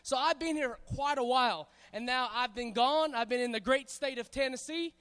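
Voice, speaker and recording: High-voiced Hawaiian man hyping a crowd. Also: normal speed, clear, resonant tone. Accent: Hawaiian Pidgin mixed with Southern US. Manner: loud, playful, hyping up the crowd. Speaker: guest speaker at church youth service. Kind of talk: energetic talk with audience call-and-response. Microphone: stage microphone on a cable. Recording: long reverb from a large hall.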